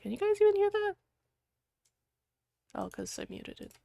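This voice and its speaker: A woman streaming live, chatting casually with viewers, giggling and breaking into loud outbursts, then muttering to herself while she clicks around. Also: very high-pitched, sing-song, moderate pace, creaky, very noisy.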